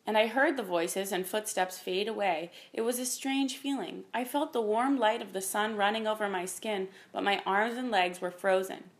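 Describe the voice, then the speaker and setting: A woman narrating a children's storybook in a gentle, expressive reading voice. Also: mid-range voice, normal speed, few pauses. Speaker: audiobook reader.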